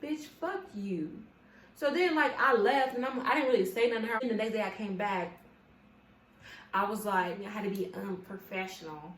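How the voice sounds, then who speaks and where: Young woman vlogger, animated and profane, in an echoey room. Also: on the high side, moderate pace, slight background noise. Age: young adult. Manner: animated, profane, talks straight to viewers. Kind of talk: casual storytime chat. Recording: echoey room with faint ambience.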